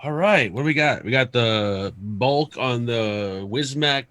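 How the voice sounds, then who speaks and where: A man's voice: mid-range voice, a little slow, a bit bright, dry recording. A man co-hosting a casual live stream, rambling and cursing as he searches for words. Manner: rambling, profane, hunts for words. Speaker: show co-host.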